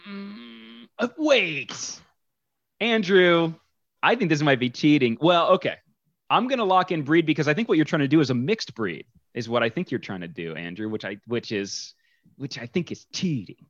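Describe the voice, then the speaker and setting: A man's voice: fairly high pitch, sing-song, a bit bright, no echo. A man co-hosting a casual podcast chat, joking and playfully teasing his co-host. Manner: playful teasing, quick jokes. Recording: dull lo-fi sound.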